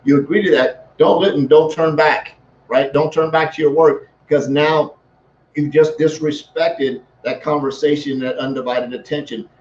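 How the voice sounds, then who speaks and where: A man's voice: a little high, fairly even intonation, normal speed, darkish tone, a little hiss or hum. A man talking as a leadership coach in a casual live-stream, rambling with many restarts. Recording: echoey room, dull lo-fi sound.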